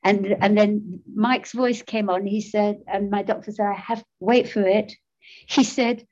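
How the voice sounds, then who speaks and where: A woman's voice: medium pitch, steady tone, measured pace, darkish tone, muffled recording. Older woman, self-mocking, laughing. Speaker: recovery speaker. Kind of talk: personal testimony.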